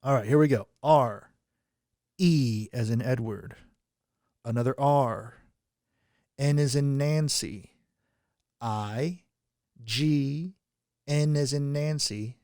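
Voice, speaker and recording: A man's voice: mid-range voice, slow pace, long pauses, darkish tone, no room sound, clean studio sound. A man hosting a comedic game show over a phone call, teasing his players and laughing often.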